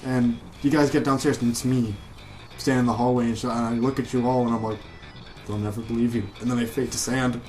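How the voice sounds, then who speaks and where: A man's voice: medium pitch, flat delivery, fast talker, a little mellow, soft background music. A man co-hosting a casual comedy chat and spinning long improvised stories. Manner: rambling improvised storytelling. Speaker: podcast co-host.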